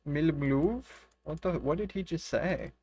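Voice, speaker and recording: A man's voice: on the high side, a little slow, darkish tone. A man streaming a retro online game, chatting casually, reading the in-game dialogue aloud, swearing freely and laughing often. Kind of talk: casual gameplay commentary.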